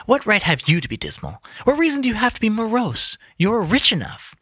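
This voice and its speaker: A man voicing Scrooge's cheerful young nephew in a high, eager voice while reading aloud. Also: wildly swooping pitch, fairly quick, slightly rough, no room sound, studio quality, heavily acted. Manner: bright, pleading, high-pitched exclamations.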